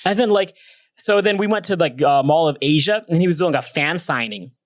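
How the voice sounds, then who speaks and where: A man's voice: on the high side, lively intonation, a little fast, dry recording. A young man co-hosting a podcast, telling a long rambling story in casual chat, swearing a lot and laughing as he goes. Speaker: podcast co-host.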